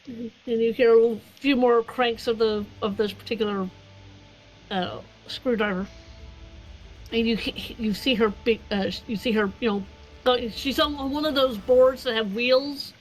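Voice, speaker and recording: A woman's voice: on the high side, fairly even intonation, measured pace, soft background music, low-quality recording. A woman narrating as game master of a tabletop game, rambling with frequent fillers.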